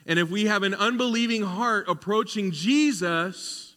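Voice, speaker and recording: Man, pastor, sermon, chatty then fervent, slightly high voice, long hall reverb. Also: unhurried, hardly any pauses, pushed and bright. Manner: conversational preaching that builds to fervent emphasis.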